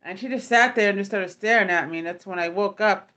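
A woman's voice: medium pitch, fast, sharp tone. A woman casually telling a personal story, rambling and stumbling over her words, swearing freely. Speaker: ASMR creator.

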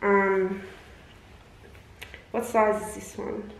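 Woman, 20s, vlogger. Chatty, exasperated, unhurried delivery; echoey room, mic at a distance. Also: mid-range voice, little pitch movement, vocal fry, slight background noise. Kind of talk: casual try-on haul vlog.

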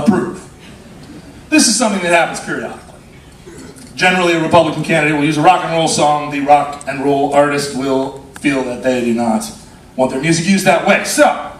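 A male musician introducing his song to a live audience in a dry, wry, deliberate way, with lots of hesitations. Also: a little high, a little hiss or hum. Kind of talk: live stage banter. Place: live show on a cruise ship. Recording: echoey live room, distant mic.

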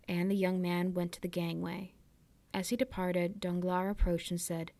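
Library storytime reader, woman, low steady voice, dry close sound. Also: normal speed, no room sound. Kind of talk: reading a classic novel aloud.

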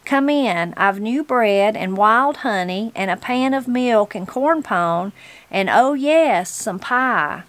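A woman's voice: fairly high pitch, expressive, slow pace, a bit bright, no room sound. Woman reading as a homespun granny. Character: spry old mountain granny, hospitable.

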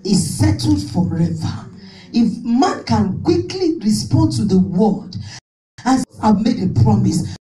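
A woman's voice: mid-range voice, sing-song, slow pace, dark tone. A woman pastor preaching a fervent sermon, repeating her points and calling out to the congregation. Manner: fervent, repetitive preaching with call-and-response. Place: church hall. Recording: echoey hall, distant mic.

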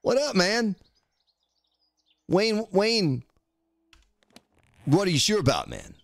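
A man's voice: high-pitched, wildly swooping pitch, slow pace, vocal fry, dry recording, studio quality. A man live-streaming a survival game, chatting casually, joking and greeting viewers in the chat by name.

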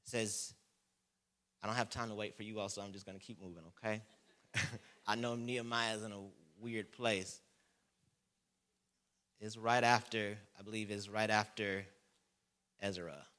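A man preaching a sermon as pastor, reading scripture with slow emphasis and calling on the congregation to repeat words. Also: lowish voice, little pitch movement, sharp tone.

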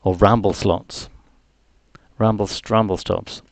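A gravelly, lowish, steady voice speaks slowly as a Geordie-accented livestream host from North East England, whose accent is mild, jokes and rambles to fill time on his live music stream. He's chatty and self-deprecating, with no room sound in the recording.

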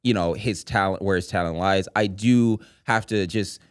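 A man co-hosting a podcast, talking about movies in a rambling, halting way with casual swearing. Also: low-pitched, dry recording, clean studio sound. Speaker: podcast co-host.

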